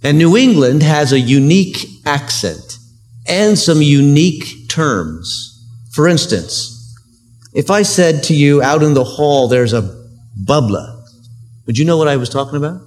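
A male pastor delivers a sermon in an earnest, conversational way, leaning on everyday examples. His voice sits a little higher than most men's. Faint music plays beneath his words. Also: expressive, unhurried, a little mellow. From United States.

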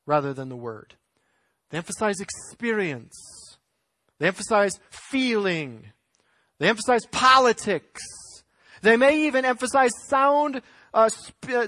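A male pastor preaching a sermon, emphatic, building to loud peaks and dropping to quiet ends of phrases. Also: high voice, dry recording. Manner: emphatic preaching with swells and drops in volume.

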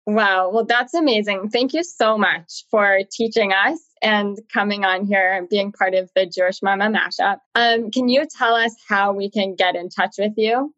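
A woman's voice: mid-range voice, steady tone, moderate pace, few pauses, fairly bright tone, dry recording. A woman hosting an interview, affirming and conversational with frequent agreement. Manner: affirming, conversational, lots of backchannels. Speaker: interview host. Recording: dull, slightly lo-fi sound.

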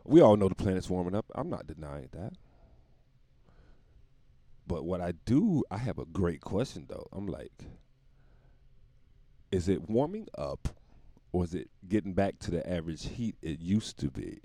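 A man's voice: low voice, sing-song, normal speed, long pauses, dark tone, no room sound. A man delivering a rambling, profane comic monologue, often laughing at his own jokes.

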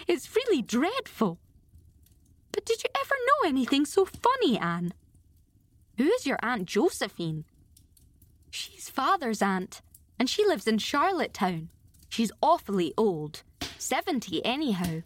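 A woman voicing a lively, giggly young girl who chatters eagerly to her friend. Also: mid-range voice.

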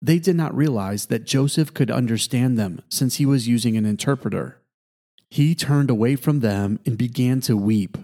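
A pastor reads scripture aloud in an even, measured manner and lifts his voice a little for the quoted speech. He is a man with a mellow, darker tone and a pitch in the middle for his sex. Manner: measured, plain reading with light expression in quoted speech. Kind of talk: scripture reading.

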